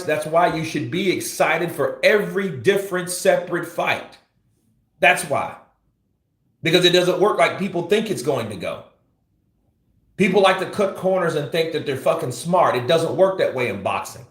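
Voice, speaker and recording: A man's voice: fairly high pitch, lively intonation, normal speed, a bit bright, echoey room. A man hosting live boxing commentary, blunt and profane, ranting and teasing as he talks. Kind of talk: livestream commentary.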